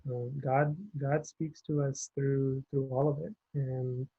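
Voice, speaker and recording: A man leading a campus faith group on a video call, talking in a relaxed, reflective way and often restarting his sentences. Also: mid-range voice, takes it slowly, slightly rough, dry recording. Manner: relaxed, searching for words, many restarts. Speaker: campus ministry group leader. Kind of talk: casual reflective talk. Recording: dull, dry, lo-fi.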